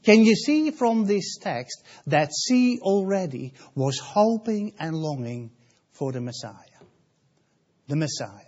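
A male preacher with a high, lively voice who speaks slowly and emphatically, repeating key words and asking his congregation questions. The recording sounds dull and lo-fi. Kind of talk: sermon.

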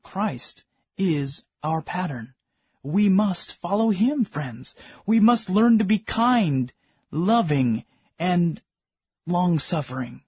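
A man's voice: sits high, animated, slow pace, a little mellow, husky, no echo. A middle-aged man preaching a sermon, earnestly asking his congregation questions and calling them friends. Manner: addresses listeners as friends.

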